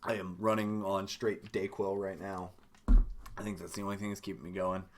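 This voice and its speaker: A man with a raspy, hoarse voice and lower energy than usual, thinking aloud as he codes through a live stream tutorial, with many ums and restarts. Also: little pitch movement, moderate pace, slight background noise. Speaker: game dev streamer.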